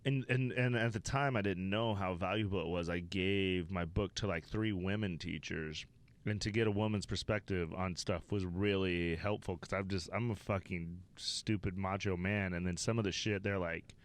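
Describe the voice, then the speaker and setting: A man's voice: deep voice, normal speed. A man from Wyoming, a stand-up comedian guesting on a podcast, telling rambling, profane anecdotes in a casual interview. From Wyoming, USA.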